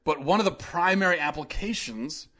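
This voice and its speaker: A man hosting an opinion monologue, sarcastic and indignant, building up to loud rants. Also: on the high side, normal speed. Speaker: host.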